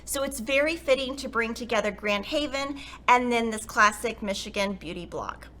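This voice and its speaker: Bright-voiced woman teaching quilting. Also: fairly high pitch, moderate pace, slight background noise. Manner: chatty, warm, enthusiastic explaining. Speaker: quilting tutorial host. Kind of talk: upbeat sewing tutorial.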